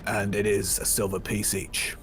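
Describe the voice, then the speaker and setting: A man's voice: on the low side, completely flat delivery, moderate pace, a bit bright, faint music behind, close to an everyday voice. A man voicing a burly, friendly dwarven male tavern keeper in a tabletop game, talking casually and hospitably.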